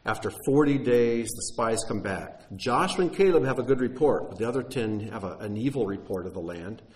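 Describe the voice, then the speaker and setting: Middle-aged male preacher, earnest teaching sermon, mid-pitched voice, rises on key points. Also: animated, fairly quick, a little mellow, rough recording.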